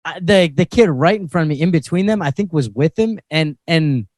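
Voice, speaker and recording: A man's voice: fairly high pitch, lively intonation, a little fast, darkish tone, dry recording. A young man co-hosting a podcast in casual chat, telling stories and laughing often. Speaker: podcast co-host.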